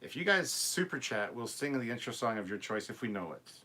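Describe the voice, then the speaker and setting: A man's voice: mid-range voice, big pitch swings, a little fast, pushed and bright. A man in his forties co-hosting a casual talk show, rattling off old shows, humming their intros and swearing casually. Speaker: podcast co-host. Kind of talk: casual chat.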